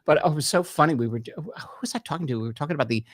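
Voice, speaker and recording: A man's voice: on the high side, rapid-fire. A man chatting as a guest, playful and jokey, often breaking into laughter. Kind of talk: casual chat.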